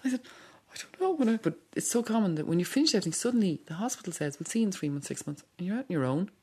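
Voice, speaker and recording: A woman's voice: lowish voice, expressive, very fast, mellow, slightly rough. A middle-aged Irish woman speaking candidly in a documentary interview, talking in a conversational way with many restarts.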